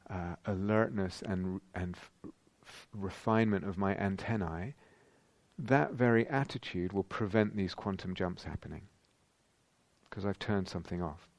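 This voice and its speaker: Gravelly-voiced man giving a meditation talk. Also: on the low side, a little mellow, dry recording. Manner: thoughtful, searching, with many pauses and restarts. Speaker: meditation teacher. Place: retreat centre meditation hall.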